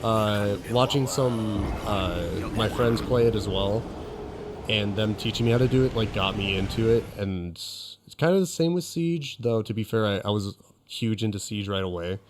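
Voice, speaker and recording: A man's voice: fairly low pitch, moderate pace. A young man streaming gameplay and chatting casually, rambling while he answers chat, his voice getting a little crackly.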